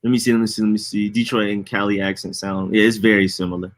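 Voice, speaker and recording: A young adult man co-hosting a podcast in casual chat, laughing often and talking in a loose, animated way. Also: on the low side, quick pace. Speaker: podcast co-host.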